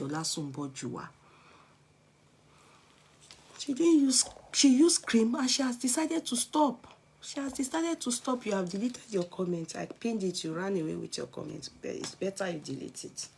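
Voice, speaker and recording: A woman's voice: medium pitch, animated, moderate pace, a little mellow. A woman with a Nigerian accent chatting casually to her viewers as a clothes-selling vlogger, giving emphatic, preachy encouragement and often dropping to a whisper. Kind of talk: casual live chat to viewers.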